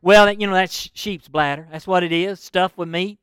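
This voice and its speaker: A middle-aged preacher with a high, clean voice, delivering a sermon in a folksy, animated storytelling way. The sound is dry and close, with no room around it. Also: male voice, normal speed, clear, resonant tone, dry recording.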